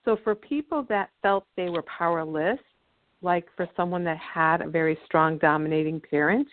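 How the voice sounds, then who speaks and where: A woman guest on a call-in radio show, explaining ideas about emotional energy in a measured storytelling way. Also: lowish voice, no room sound. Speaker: guest, energy healer and author. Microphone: phone. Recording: dry, tinny phone line.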